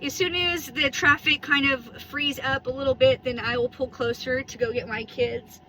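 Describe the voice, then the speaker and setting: A woman's voice: high voice, fairly even intonation, normal speed, sharp tone, poor audio. A woman in her thirties chatting casually and rambling while she vlogs from her car on a phone camera. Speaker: vlogger. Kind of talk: casual driving vlog chat. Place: in a parked car.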